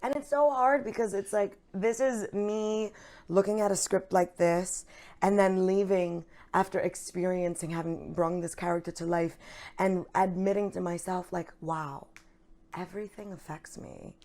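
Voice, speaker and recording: A woman's voice: medium pitch, steady tone, moderate pace, warm tone. A woman, an actress, speaking openly and earnestly about her feelings in a casual interview chat, with plenty of fillers. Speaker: actress, guest.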